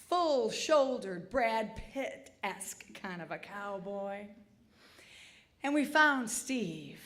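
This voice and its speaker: High-voiced comic woman telling a story. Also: a bit bright. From Michigan. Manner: comic, chatty, self-deprecating. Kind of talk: live storytelling. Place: stage at a live storytelling event.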